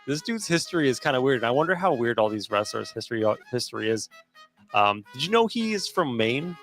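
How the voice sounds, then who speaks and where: A man's voice: mid-range voice, very animated, fairly quick, a bit bright, soft background music. A man co-hosting a sports podcast, chatting loosely and laughing often. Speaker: podcast co-host. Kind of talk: casual sports chat.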